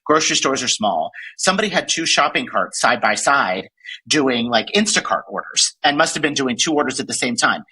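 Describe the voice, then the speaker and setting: A woman in her forties hosts a casual podcast chat with a husky, breathy edge to her voice. Her pitch swings widely as she rants with profanity and laughter. Her tone is bright and forceful. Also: brisk, poor audio. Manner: animated, profane ranting with frequent laughs. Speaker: podcast host.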